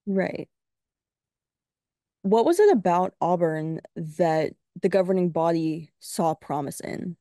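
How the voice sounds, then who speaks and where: A woman hosting a podcast, her voice a touch low and warm. She asks measured questions into a close, dry mic. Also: lively intonation, no echo. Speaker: podcast host. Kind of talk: interview questions.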